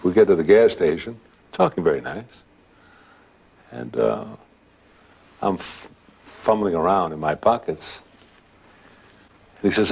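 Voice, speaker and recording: A man's voice: low voice, lively intonation, moderate pace, gravelly, long pauses, slightly rough. A man telling a true ghost anecdote in a dramatic, conversational way. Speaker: guest storyteller.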